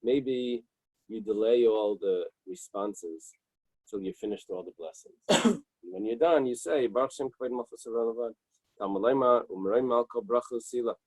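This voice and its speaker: A man's voice: mid-range voice, moderate pace, darkish tone, slightly rough, no room sound, low-quality recording. A man teaching an early-morning Talmud class, reading Hebrew and Aramaic text and translating it plainly, checking in with "right?" and "okay". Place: small synagogue study room.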